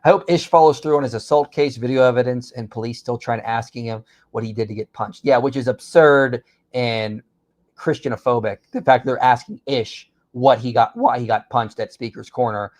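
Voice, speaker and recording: A man's voice: mid-range voice, fairly even intonation, a little mellow. A man hosting a live stream, reading out viewer comments and replying in casual chat. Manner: reads out viewer comments and answers them quickly. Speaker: host.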